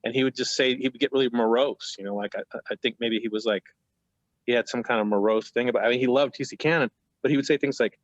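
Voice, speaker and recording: A man's voice: mid-range voice, fairly even intonation, fast talker, no echo, muffled recording. A man in his fifties, a painter on a panel, telling stories in a rambling, self-interrupting way over a video call. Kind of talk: casual panel talk.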